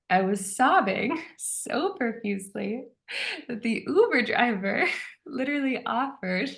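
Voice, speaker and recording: Chatty woman with vocal fry. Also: medium pitch. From United States. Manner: chatty, many "like" fillers, breaks into laughter, acts out dialogue. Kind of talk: casual personal storytelling.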